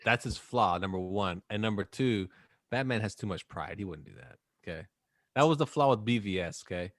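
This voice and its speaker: Lively jokey man, dry close sound. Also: on the low side, no room sound. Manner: animated, jokey, acts out movie characters in quick bits. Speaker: podcast co-host. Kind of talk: casual chat.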